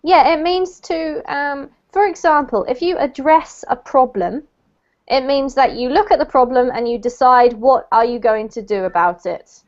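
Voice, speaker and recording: A woman's voice: high voice, normal speed, highs cut off. A woman teaching an English lesson, patiently explaining meanings and word stress to her students. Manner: patient, explains pronunciation step by step. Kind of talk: online language lesson.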